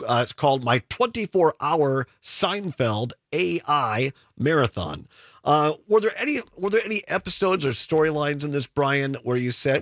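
A man hosting an interview, lively and quick to laugh, asking questions and reading passages aloud. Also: on the high side, no room sound, studio quality. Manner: animated, laughs often, reads excerpts aloud. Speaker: radio show host.

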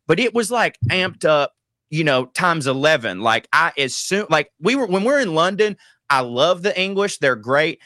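Male comic guest, bright and slightly high, dry close sound, rambling storyteller. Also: normal speed, dry recording. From Southern United States. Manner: rambling, animated storytelling with many restarts. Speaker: comedian and author, guest. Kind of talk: radio interview.

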